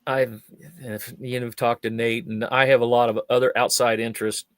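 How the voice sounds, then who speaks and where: A man's voice: medium pitch, normal speed, no echo. An older man, a guest magician and fire eater, telling stories in a chat show and acting out the people in them. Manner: lively storyteller, acts out quoted voices. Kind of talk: anecdotal storytelling in a chat show.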